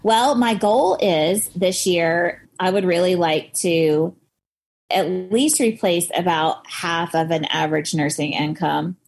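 A woman's voice: fairly low pitch, takes it slowly, creaky. A woman being interviewed on a podcast about her photography business, speaking in an earnest, thoughtful way. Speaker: guest photographer.

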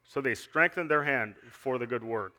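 A man's voice: medium pitch, normal speed, bright, forceful tone. A man giving an earnest sermon, reading scripture and asking the listeners questions, with frequent restarts. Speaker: lay preacher.

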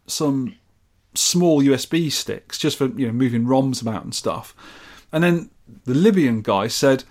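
A man's voice: mid-range voice, expressive, a little slow, a little mellow. A man from the UK chatting casually and enthusiastically as a podcast host. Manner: chatty and enthusiastic, rambling with restarts. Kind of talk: casual chat.

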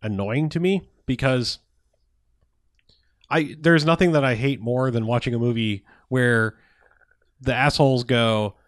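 A man's voice: mid-range voice, unhurried, long pauses, no room sound. Profane ranting man, dry sound. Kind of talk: casual film review chat.

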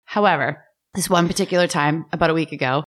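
Woman, middle-aged, podcast co-host, animated, exclaiming, low-ish voice. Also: quick pace. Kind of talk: casual chat.

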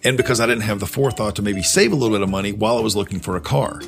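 A young man telling a personal story on his podcast in a casual, profane, animated way. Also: on the low side, racing, vocal fry, over music. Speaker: podcast host.

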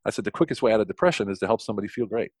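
A middle-aged American man speaks quickly in a fairly low voice, with the dry, close sound of a mic in a quiet space. He tells his stories with eager energy, stumbling over restarts and leaping up in pitch when he wants to stress something. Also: lively intonation, dry recording. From United States. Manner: fast, enthusiastic, frequent restarts, jumps high in pitch for emphasis. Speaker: podcast guest, consultant. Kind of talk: animated storytelling interview.

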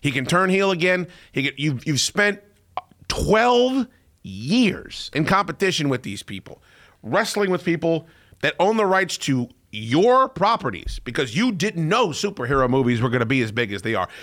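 A man hosting a podcast in casual chat, excitable and profane, often breaking into loud shouting. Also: a little high, normal speed. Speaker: podcast host.

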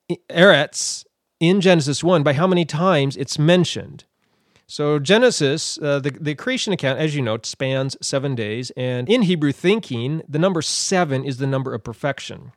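A man's voice: on the high side, dry recording, studio quality. A man giving a Bible teaching, thinking aloud with fillers and restarts.

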